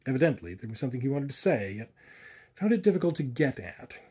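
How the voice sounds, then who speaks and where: Mellow, husky male storyteller. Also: mid-range voice, sing-song. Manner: measured, atmospheric storytelling. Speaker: audiobook narrator. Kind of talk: scripted narration.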